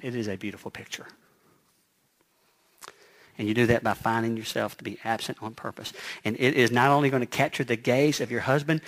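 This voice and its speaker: Brief: male pastor, mid-pitched voice, energetic sermon delivery with soft hushed moments. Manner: lively preaching, acts out quoted voices.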